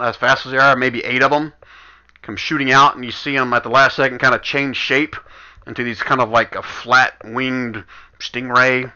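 A casual game master who thinks aloud as he narrates and moves pieces on the map. His voice is sharply bright. It comes through a muffled, lo-fi voice chat. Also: mid-range voice. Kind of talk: running a tabletop game over voice chat. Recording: dull lo-fi voice chat audio.

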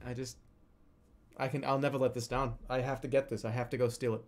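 A man streaming a video game, commenting live, often yelling, laughing and repeating phrases over and over. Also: mid-range voice, quick pace. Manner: excitable, yelling and laughing a lot.

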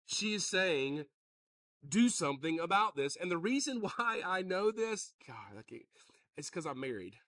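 A pastor preaching a sermon, joking with the congregation and calling out to them. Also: male voice, sits high, unhurried, no room sound, far from the mic. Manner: joking, animated, calls out to the congregation.

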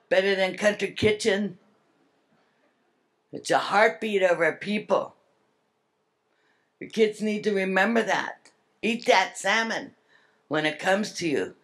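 A woman's voice: medium pitch, fairly bright tone. An older woman giving an earnest, heartfelt public speech at a summit. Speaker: speaker at a salmon summit.

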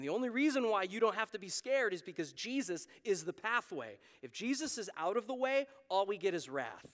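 A man's voice: sits high, big pitch swings, a little fast, few pauses. A man preaching a sermon as pastor, talking in an earnest, conversational way and acting out quoted voices. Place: church sanctuary. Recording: long hall reverb.

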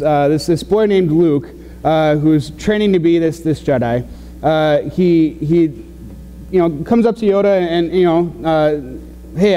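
A fairly high-voiced man preaching in a warm, mellow tone, talking loosely and stumbling over his words with plenty of "uh"s. His voice rings out in a church sanctuary with a long reverb tail. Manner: conversational, halting with many fillers and restarts. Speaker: pastor. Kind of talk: sermon.

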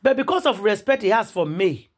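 A woman with a Nigerian accent telling celebrity gossip as an animated story, repeating words for emphasis and acting out the people she quotes. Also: medium pitch, brisk.

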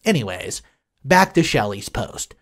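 Animated storyteller reading a forum post. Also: mid-range voice, measured pace, husky. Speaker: story narrator.

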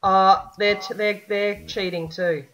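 A woman's voice: medium pitch, fairly even intonation, a little slow. A woman chatting casually while playing an online drawing game, teasing, laughing often and swearing freely. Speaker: gaming channel host. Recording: faint background noise.

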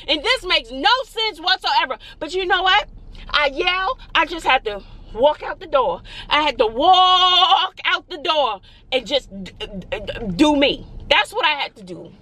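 High, bright-voiced exasperated woman venting. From Brooklyn, New York. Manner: exasperated, rambling, repeats herself. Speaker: vlogger, single mom. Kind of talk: venting vlog while driving. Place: inside a car.

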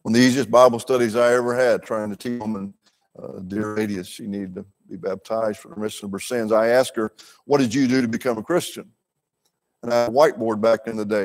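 A man's voice: lowish voice, fairly even intonation, fast. Older man teaching a church Bible class. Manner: earnest, folksy, asides to the audience.

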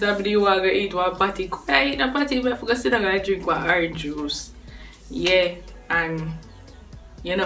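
Young woman, Jamaican accent, chatty vlogger, lowish voice, slightly off-mic. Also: fairly bright tone, recorded from a distance. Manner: chatty, laughs between points. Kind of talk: casual talk to camera. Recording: voice a bit off-mic with faint music behind.

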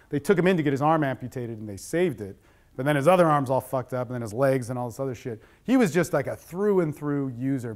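A middle-aged man giving a talk on addiction with slides, speaking bluntly and conversationally with plenty of swearing. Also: mid-range voice.

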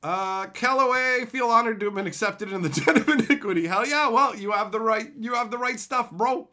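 A man live-streaming as he opens card packs and reads viewer messages aloud, in profane, excitable, rambling banter. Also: very high-pitched, brisk.

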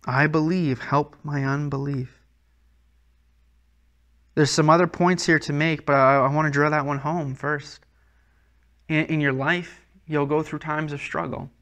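A man's voice: a little high, fairly even intonation, normal speed, fairly bright tone. A man preaching a sermon as a pastor, earnest and conversational, often restarting his words.

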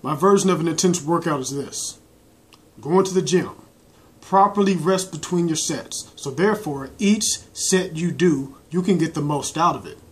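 A fairly high-voiced man rants straight into his laptop webcam from a dim room. He talks bluntly in loose slang, swearing constantly as he lays out his views on training. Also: normal speed. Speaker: bodybuilder vlogger. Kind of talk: casual profane rant to camera. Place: indoor room lit by laptop and corner lamp.

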